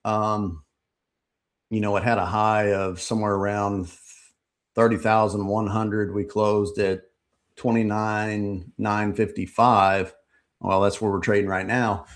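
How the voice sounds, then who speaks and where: A man with a slightly low voice talks through his trading day on a live stream. He rambles in an easygoing way, filling pauses with ums and uhs as he goes over the charts. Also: level tone. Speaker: trading channel host. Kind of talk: casual live market recap.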